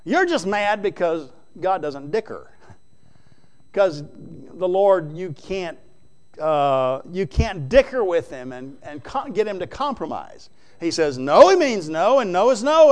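Preacher guy, high voice, folksy and emphatic, goes loud then real quiet. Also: very animated, a little slow. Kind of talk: sermon.

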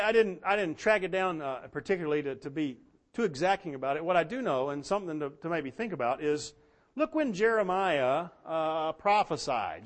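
A man leads a Bible study in a conversational way, with plenty of ums and you-knows. His voice sits a little high, and he slows down to read scripture with deliberate emphasis. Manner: conversational, many fillers, reads scripture slowly and emphatically. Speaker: pastor. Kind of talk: bible teaching sermon.

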